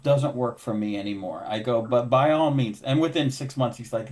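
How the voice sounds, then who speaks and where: A middle-aged man at a mid pitch swaps shop stories on a podcast. He acts out the other people in his stories, shifting his delivery as he quotes them. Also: normal speed, few pauses. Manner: animated storyteller acting out dialogue. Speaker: podcast host, window cleaner. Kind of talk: casual storytelling chat.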